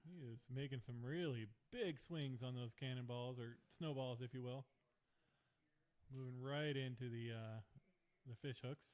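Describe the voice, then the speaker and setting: A man's voice: mid-range voice, normal speed, a little mellow. A man co-hosting live commentary on a ninja competition, easygoing with dry humor.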